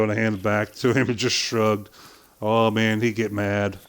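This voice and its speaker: An older man streaming a game, casually telling a long story with swearing and quick impressions of other people. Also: fairly low pitch, little pitch movement. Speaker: gaming streamer. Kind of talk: casual storytelling while playing.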